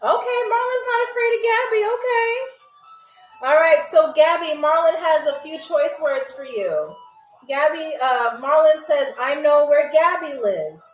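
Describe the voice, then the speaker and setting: A woman's voice: high voice, a little slow, roomy sound, soft background music. A woman hosting a live-stream game show in a playful, chatty way, often laughing as she talks, speaking into a phone. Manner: playful, chatty, laughing through her lines.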